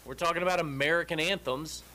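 A man's voice: a little high, steady tone, fast, pushed and bright. A man co-hosting a radio show, asking tentative, hesitant questions in casual banter. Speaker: radio co-host.

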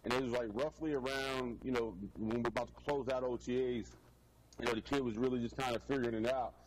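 A man who played pro football, a guest telling stories in an animated, loose way with frequent restarts. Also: medium pitch, fast talker, a little hiss or hum, low-quality recording. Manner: animated storyteller, many restarts. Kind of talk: casual storytelling interview.

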